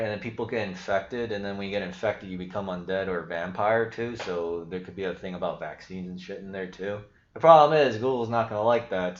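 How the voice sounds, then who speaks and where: A man hosting a casual livestream, thinking aloud in a rambling, self-interrupting way and swearing casually. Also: sits low. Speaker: livestream host. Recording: echoey, dull lo-fi stream audio.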